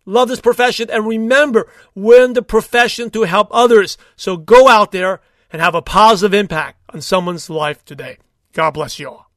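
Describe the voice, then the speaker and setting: A man hosting a solo podcast, talking in an upbeat, rambling way with quick asides and restarts. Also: high-pitched, a bit bright, no room sound, studio quality. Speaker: podcast host. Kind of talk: solo motivational podcast talk.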